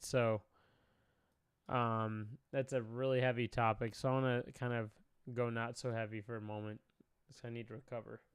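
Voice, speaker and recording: A man's voice: mid-range voice, smooth, dry recording, clean studio sound. A young man doing casual reaction commentary, talking emotionally, often sighing, swearing and trailing off. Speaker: commentary streamer.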